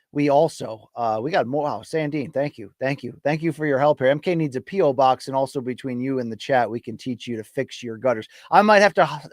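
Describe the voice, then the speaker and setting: A man's voice: mid-range voice, dry recording, clean studio sound. Chatty middle-aged man rambling on a livestream. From US East Coast. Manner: chatty, self-deprecating, hypes the chat. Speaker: podcast host. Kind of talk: casual solo livestream ramble. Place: home studio. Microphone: studio mic.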